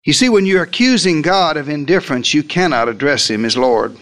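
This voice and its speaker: A slightly bright male voice with lively intonation moves fairly quickly through a theatrical sermon. He recounts the story as an eyewitness would and speaks directly to the crowd, shifting pitch and pace to emphasize key moments.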